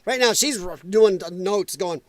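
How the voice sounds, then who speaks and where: A man's voice: high voice, normal speed, dry recording, clean studio sound. A man hosting a live political commentary stream, reacting bluntly and profanely to clips and laughing often.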